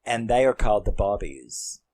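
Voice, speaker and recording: Rambling horror reviewer, male, lowish voice, swears a lot and gets worked up. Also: very animated, normal speed, darkish tone. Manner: rambling, profane and fired up. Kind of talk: casual spoken film recap.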